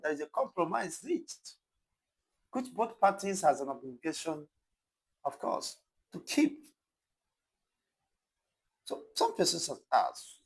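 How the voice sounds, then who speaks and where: A man presenting a news commentary. His voice is husky and slightly high for a man. He speaks deliberately, leaning hard on key words as he explains. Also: rough recording. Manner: deliberate, emphatic, explains terms. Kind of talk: commentary monologue.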